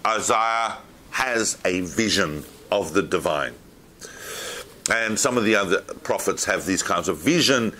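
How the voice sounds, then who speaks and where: Bright-voiced man lecturing a room. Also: on the low side, unhurried, a little hiss or hum. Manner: animated, asks the room questions. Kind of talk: informal class lecture.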